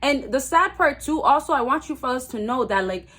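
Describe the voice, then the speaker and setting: A young woman with a fairly high voice talks straight to her viewers in a casual advice vlog. She is blunt and emphatic, and she hammers her points home by repeating key phrases. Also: lively intonation, fairly quick, pushed and bright. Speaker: dating advice vlogger. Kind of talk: casual advice monologue to camera.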